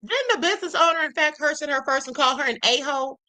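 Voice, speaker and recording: Woman host, high bright voice, sassy, reacts to clips for her viewers. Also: lively intonation, fast. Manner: sassy, talks straight to viewers, repeats rhetorical questions. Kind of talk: reaction commentary livestream.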